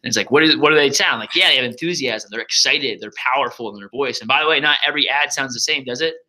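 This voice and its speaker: A young man coaching sales reps in a casual walkthrough, energetic and loud, full of "like" and "um" fillers. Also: medium pitch, fast talker, poor audio. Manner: energetic and loud, says so himself, many fillers. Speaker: sales trainer.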